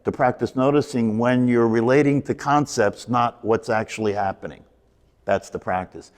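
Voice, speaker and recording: A man gives a meditation talk at an ordinary pitch, circling back over his points and throwing questions to the class. His voice rings out in a room with a long reverb tail. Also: normal speed, darkish tone. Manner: repetitive, emphatic, asks rhetorical questions. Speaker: meditation teacher. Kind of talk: spoken meditation teaching.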